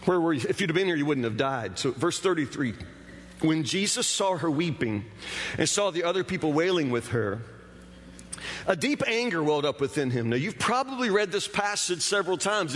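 A man's voice: sits high, fairly bright tone, long reverb tail. A man preaching a sermon in a conversational, emphatic way, often stammering over restarts. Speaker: pastor.

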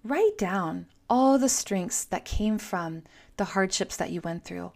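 A middle-aged woman hosts a motivational talk and speaks earnestly, straight to the listener. Her voice sits at an ordinary middle pitch for a woman. She talks in a personal, direct way. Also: animated, slow, creaky. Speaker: podcast host. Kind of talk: motivational monologue.

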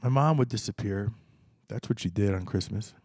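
A man telling a personal story, chatting straight to his listeners. His voice is husky and mellow. The sound is dry and close. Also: on the low side, normal speed, dry recording. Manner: conversational, addresses listeners directly. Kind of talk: spoken storytelling to an audience.

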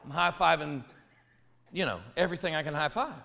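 Man, pastor, bright gravelly voice, high, animated storytelling sermon. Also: fairly quick, a little hiss or hum. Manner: animated, jokey, swings from hushed to shouting.

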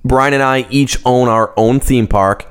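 A man co-hosting a casual podcast, talking in a relaxed, rambling way with lots of fillers. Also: medium pitch, a little slow, clear, resonant tone. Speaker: podcast co-host.

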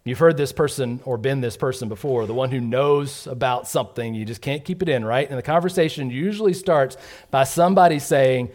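Animated man preaching a sermon. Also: medium pitch, fairly quick. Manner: animated, acts out gossipy voices, asks "right?" often.

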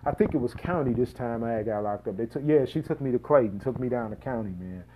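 A man from Missouri tells a personal story in a loose, rambling way, full of slang, fillers and side remarks. His voice sits at an ordinary pitch for a man. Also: quick pace, warm tone. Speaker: podcast host. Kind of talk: casual first-person storytelling.

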